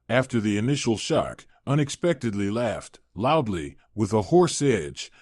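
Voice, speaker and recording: A man reading a scripted story in a steady narrating manner. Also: mid-range voice, no echo, clean studio sound.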